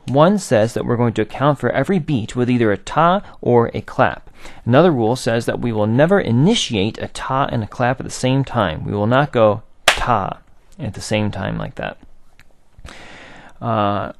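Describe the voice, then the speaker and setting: Gravelly man teaching rhythm. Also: medium pitch, no room sound. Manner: patient explaining, chanting rhythm syllables. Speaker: music theory teacher. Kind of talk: recorded aural theory lesson.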